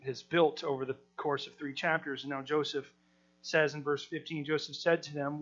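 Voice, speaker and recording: A man's voice: on the high side, little pitch movement, moderate pace, fairly bright tone, lo-fi sound. A man teaching through a scripture passage verse by verse in a conversational way, often restarting his sentences and acting out the people in the story. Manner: conversational, with frequent restarts, acts out the quoted people. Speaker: Bible teacher.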